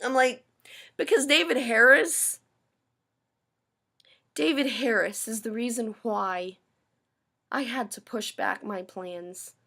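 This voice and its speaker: Speaking slowly with vocal fry and long pauses, this vlogger has a fairly high, pushed, bright voice. She delivers an angry personal rant to camera, full of bitterness, sarcasm and frequent swearing.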